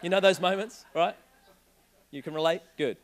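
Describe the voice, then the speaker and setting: A young man preaching a sermon, telling a joking personal story in an animated way. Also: sits high, normal speed. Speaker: pastor.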